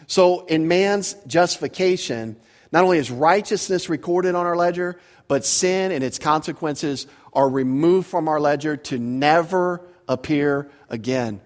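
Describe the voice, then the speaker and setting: A male pastor preaching a verse-by-verse sermon in a church, earnest and emphatic, animated when he explains a point. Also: fairly high pitch, moderate pace. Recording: long reverb of a hall.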